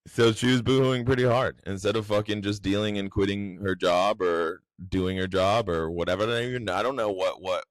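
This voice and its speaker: A man's voice: on the low side, fairly even intonation, brisk, hardly any pauses, no echo. A young man hosting a podcast, rambling and mocking in profane casual commentary. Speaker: podcast host.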